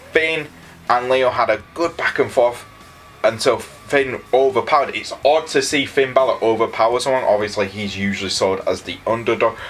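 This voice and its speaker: A man's voice: mid-range voice, a bit bright. A man giving a casual spoken review, rambling and blunt, with frequent restarts and stumbles. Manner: blunt, opinionated. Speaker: wrestling show reviewer.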